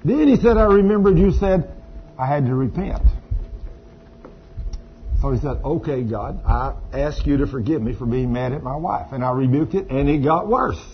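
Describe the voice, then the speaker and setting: A man's voice: a little high, animated, normal speed, a little hiss or hum. A man preaching a sermon, folksy and storytelling, with asides to the congregation. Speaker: pastor. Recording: dull lo-fi sound with faint ambience.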